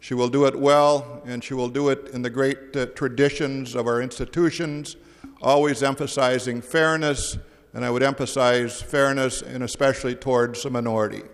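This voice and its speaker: A state senator giving a formal nominating speech in a legislative chamber, pausing often on uh. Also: male voice, medium pitch, fairly even intonation. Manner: halting, with frequent uh fillers. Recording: echoey chamber reverb.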